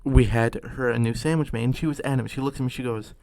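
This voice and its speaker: Young dude ranting about his restaurant job, gravelly voice, dry sound, sarcastic and cussing. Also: medium pitch, racing, darkish tone, dry recording. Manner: exasperated, sarcastic, profane. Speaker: food service worker telling a story. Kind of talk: comedic storytime rant.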